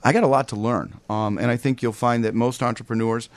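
A man speaking as a business guest in a radio interview, measured and businesslike, with frequent "um" fillers. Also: medium pitch, steady tone, dry recording. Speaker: company executive, guest. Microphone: studio microphone with headset.

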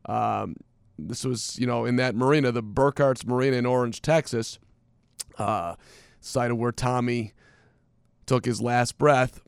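A man co-hosting a radio show, telling a news story in a dry, deadpan way with plenty of fillers. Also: mid-range voice, unhurried, gravelly, long pauses, clean tone, no room sound. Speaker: radio co-host. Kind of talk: casual morning radio banter.

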